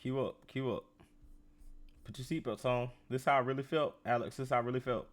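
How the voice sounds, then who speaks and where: A man hosting a podcast, riffing on a reality show in a casual, profane, animated way and talking straight to his listeners. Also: mid-range voice, fast talker. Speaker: podcast host.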